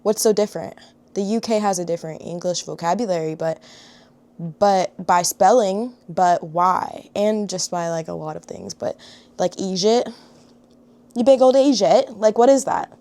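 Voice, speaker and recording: A woman's voice: fairly low pitch, normal speed, warm tone. Chatty young woman vlogging. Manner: chatty and emotional, laughs often, trails off. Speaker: book vlogger. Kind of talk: casual chat to camera. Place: home room.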